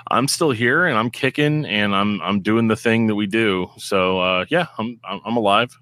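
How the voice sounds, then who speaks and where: A man co-hosting a podcast in casual chat, halting and repeating words while he is losing his voice from a cold. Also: on the low side, a bit bright, dry recording. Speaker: podcast co-host.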